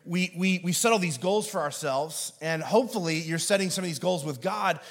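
A man's voice: high voice, moderate pace. A man in his thirties giving a conversational sermon as pastor, joking and using filler words.

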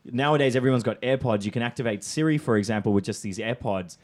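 A man's voice: medium pitch, quick pace. A man hosting a podcast, leading a casual, upbeat brainstorm with his guests. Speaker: podcast host. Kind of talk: casual chat.

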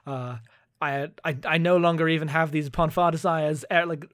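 A man putting on a stiff, formal male alien officer, distraught and stammering. The voice sits fairly high and sounds close and dry, with no room around it. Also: fairly even intonation, moderate pace, a bit bright, dry recording, lightly acted.

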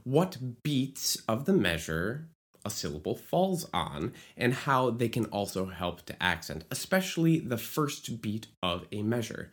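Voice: medium pitch, sing-song, unhurried. A musical theater writer explaining lyric writing in an educational video, with playful asides and short sung examples. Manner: playful asides, jokes about own bad accent.

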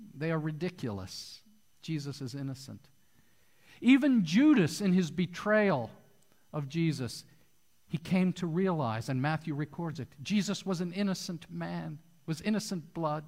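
A man with a fairly high voice preaches in an animated storytelling manner. His words ring out with a long hall reverb, as if recorded in a church sanctuary. He is a pastor addressing his congregation. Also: measured pace. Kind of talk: sermon.

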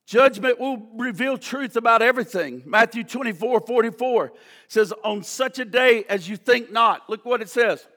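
A male pastor preaching a sermon, slow and drawn out, swinging from hushed tones to shouting, repeating key lines for emphasis. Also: extremely high pitch.

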